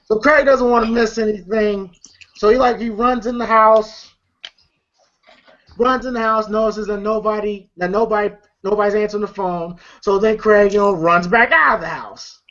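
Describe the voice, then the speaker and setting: A movie reviewer retelling a film's scenes in a casual, excited way, swearing freely and repeating words as the story tumbles out. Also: mid-range voice, normal speed. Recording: dull lo-fi recording.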